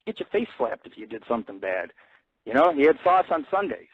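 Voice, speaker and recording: A man's voice: mid-range voice, sing-song, fairly quick, breathy edge, no room sound, narrow, tinny audio. A man hosting an internet radio show, rambling bluntly and swearing constantly in a casual monologue. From grew up in an Italian-American family.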